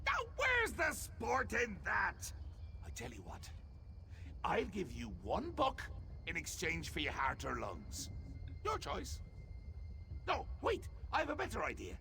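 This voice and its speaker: Game mad god: high, gravelly, wildly swooping, gleeful trickster. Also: male voice, huge pitch swings, measured pace, long pauses, slight background noise, heavily acted. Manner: whimsical, mocking, sudden whispers and shouts. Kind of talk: video game character dialogue.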